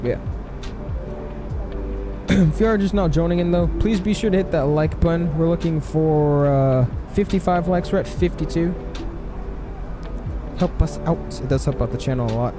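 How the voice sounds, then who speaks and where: A man's voice: fairly high pitch, moderate pace, pauses often, over music. A man live-streaming a flight simulator, chatting casually, answering his chat with lots of fillers.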